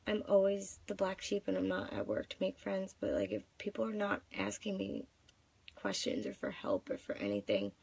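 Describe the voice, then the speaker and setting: A woman's voice: mid-range voice, big pitch swings, moderate pace, vocal fry, darkish tone, breathy edge, dry recording. A woman in her twenties venting in a live video, crying and upset, rambling with many fillers. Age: 20s. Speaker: vlogger.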